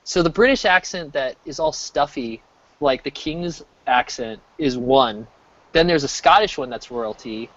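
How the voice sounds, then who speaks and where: An American man in his thirties chatting casually while he streams, rambling, restarting sentences and getting animated. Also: on the high side, unhurried, gravelly, no room sound. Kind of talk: casual chat. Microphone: desk mic. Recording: dull lo-fi mic.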